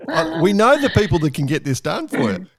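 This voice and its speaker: A man hosting a sailing podcast, joking and pitching playful ideas in a casual chat. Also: huge pitch swings, a little fast, creaky, fairly bright tone, dry recording. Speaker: podcast host.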